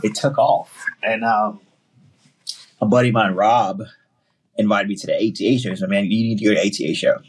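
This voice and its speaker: A man with a Southern US accent, a podcast guest telling stories in casual chat, animated and acting out other people's lines. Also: fairly low pitch, a little hiss or hum. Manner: animated, quotes himself and others in quick bursts.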